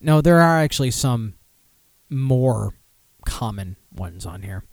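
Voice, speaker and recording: A man's voice: mid-range voice, unhurried, clear, resonant tone, no echo. A man hosting a podcast, chatting casually and reading out food and beer pairings with plenty of swearing. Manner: profane, animated, breaks off to comment. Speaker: podcast host. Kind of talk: casual chat, reading aloud.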